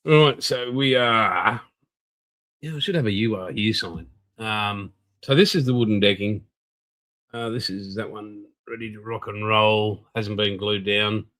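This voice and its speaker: Through poor audio comes a lowish, slightly bright voice: an older Australian man, tired, hosting a live stream at a measured pace, chatting loosely and welcoming viewers.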